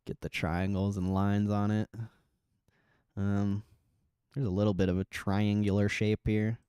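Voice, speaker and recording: A man with a lowish voice hosts a relaxed livestream, chatting loosely and swearing as he reacts to viewer comments. He laughs often and trails off into mumbles. The recording is close and dry. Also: a little slow, smooth, no room sound. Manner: laid-back, swears a lot, laughs often. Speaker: livestream host. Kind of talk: casual livestream chat reading comments.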